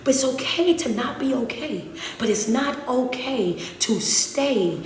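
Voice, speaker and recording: A woman's voice: high voice, expressive, slow, a little hiss or hum. Preachy woman life coach, echoey and distant. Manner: preachy, repetitive, swings from loud to hushed. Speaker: motivational speaker and life coach. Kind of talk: live-stream motivational talk. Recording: echoey room, away from the mic.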